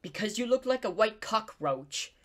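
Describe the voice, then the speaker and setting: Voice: mid-range voice, expressive, normal speed, fairly bright tone, close to an everyday voice. A gameplay YouTuber doing a cranky cartoon duck voice, squawking insults and picking fights. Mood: bickering. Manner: squawky, bickering, trash-talking. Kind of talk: in-character game commentary.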